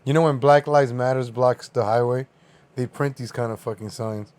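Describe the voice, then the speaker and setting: A man hosts a livestream and reacts to clips in a loose, casual way. He laughs often and swears without holding back. His voice sits at an ordinary middle pitch for a man. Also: fairly even intonation, normal speed, darkish tone, clear, resonant tone. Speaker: livestream host.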